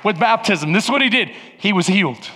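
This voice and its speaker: A man preaching a sermon as pastor in a church sanctuary, animated and conversational, building up to loud passages. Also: high-pitched, a little fast, soft background music, a faint crowd. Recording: long reverb in a large hall.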